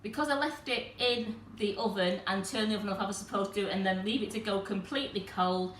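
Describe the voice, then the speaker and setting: A woman's voice: medium pitch, a little fast, a bit bright. A woman hosting a live cooking demonstration in a kitchen, chatting to viewers as she explains each step. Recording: echoey kitchen with faint noise.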